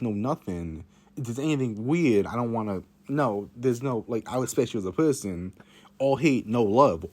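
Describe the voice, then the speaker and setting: A man's voice: medium pitch, darkish tone. Man with a casual, rambling storytelling monologue, repeating lines and swearing.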